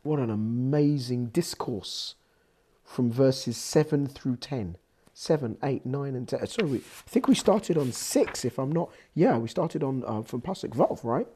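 Hoarse, animated male Torah teacher. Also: measured pace. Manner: animated, swings from low explaining to loud exhortation. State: hoarse, croaky voice. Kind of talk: lecturing on scripture.

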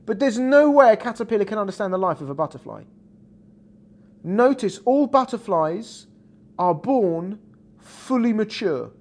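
A man's voice: high voice, big pitch swings, normal speed, darkish tone. A man teaching a Torah class in an explanatory classroom style, checking in with his students as he goes. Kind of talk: classroom lecture.

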